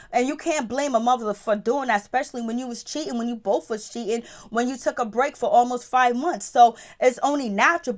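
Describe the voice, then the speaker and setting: A woman with a fairly high voice talks through a reality-show episode in a loose, casual way. She, is plainly opinionated, and slips into the voices of the people she quotes as she retells each scene. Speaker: show recap commentator.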